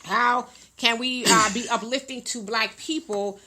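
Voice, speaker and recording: Bright, blunt woman co-host. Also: fairly high pitch, a little slow. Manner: lively, blunt and teasing. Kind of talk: casual chat, reading viewer comments.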